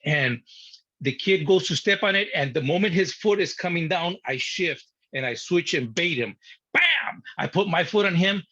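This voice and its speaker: A man telling a personal story in an interview, animated and blunt, acting out his younger self and swearing at times. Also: fairly high pitch, normal speed. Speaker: guest. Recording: dull lo-fi sound.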